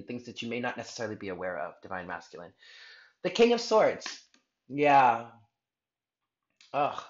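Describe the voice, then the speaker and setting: Man, tarot reader, earnest and heartfelt, rambling, middle pitch, slightly muffled lo-fi sound. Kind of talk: spiritual tarot reading.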